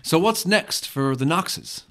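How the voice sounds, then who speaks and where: A man's voice: a little high, expressive, slow, fairly bright tone, pitched above the performer's own voice, exaggerated voice. A man reading the part of a pushy male TV interviewer in a casual scene read, without putting on an accent. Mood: probing.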